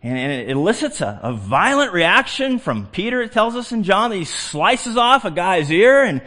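A middle-aged male pastor delivers a sermon in a fairly high voice. His pitch rises and falls widely. He moves from hushed, slow phrases to loud, emphatic ones. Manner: animated, swings from hushed to emphatic.

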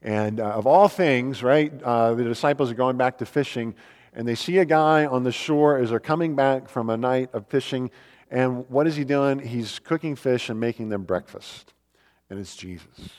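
A pastor delivers a sermon in a reverberant hall, his mid-range voice dark in tone and moving at a moderate pace. He preaches earnestly and emphatically, posing rhetorical questions.

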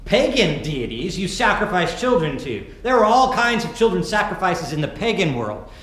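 Male pastor, slightly high voice, dramatic scripture reader; very echoey church hall. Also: big pitch swings, moderate pace. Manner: dramatic reading, swinging between loud calls and hushed narration. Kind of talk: sermon with scripture reading. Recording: very echoey hall, faint background noise.

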